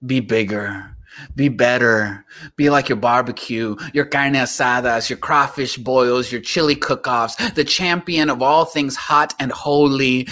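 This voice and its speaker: A man's voice: medium pitch, a little slow. Man from Texas performing spoken word. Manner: declamatory, swinging from hushed to loud, switching into Spanish. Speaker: poet.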